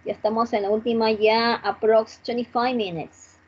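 A woman leads an online English class, talking slowly and repeating each word for practice. Her voice is very husky and fairly high, and it comes through a dull, lo-fi video call. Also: level tone. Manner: slow, drilling repetition, switching between English and Spanish. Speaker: English teacher.

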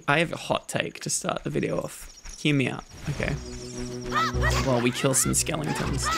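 A host giving relaxed, rambling ASMR gameplay commentary, low energy and self-mocking, with game music behind. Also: vocal fry. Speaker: gaming channel host. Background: video game music.

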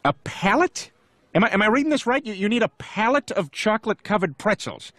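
An actor voicing a loud, dim-witted middle-aged cartoon dad with a nasal, blustering delivery. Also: male voice, sits high, big pitch swings, brisk, dry recording. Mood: incredulous. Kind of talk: animated sitcom dialogue.

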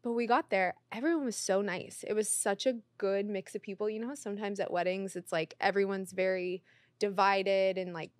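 A woman's voice: mid-range voice, a little fast, no room sound. A woman, a podcast guest, telling stories in casual chat and acting out what people said. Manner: animated, acts out quoted voices.

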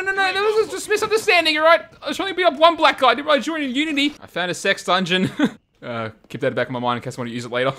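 High-voiced gamer guy yelling and swearing through a zombie game, super animated, bright sound. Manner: loud, crude, shouts often and laughs at his own jokes. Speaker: gaming channel host. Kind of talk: profane comedic gameplay commentary.

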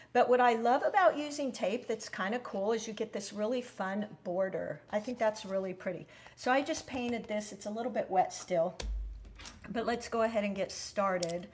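Chatty woman teaching watercolor live. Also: medium pitch. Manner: chatty, friendly, greets viewers by name; self-deprecating, loses her thread mid-sentence. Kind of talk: live-streamed painting lesson.

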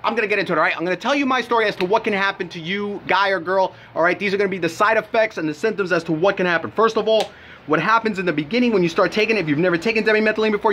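A man's voice: high voice, a bit bright, a little hiss or hum. A young man giving a brash, profane supplement review in a casual vlog, telling his story with lots of animation.

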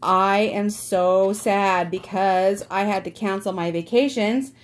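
A middle-aged woman teaching a remote fourth grade reading lesson. She talks to the kids in a friendly, chatty way, calling them guys, with upbeat bursts of excitement. Her voice sits in the middle range. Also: mid-range voice, takes it slowly.

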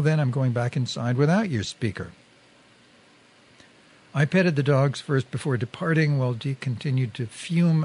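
Male reader, husky voice, mid pitch, measured and wry first-person storytelling. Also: darkish tone.

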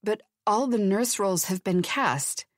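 A woman's voice: medium pitch, measured pace, dry recording, studio quality, close to an everyday voice. A woman voicing a nervous man, a television producer, who stammers when flustered.

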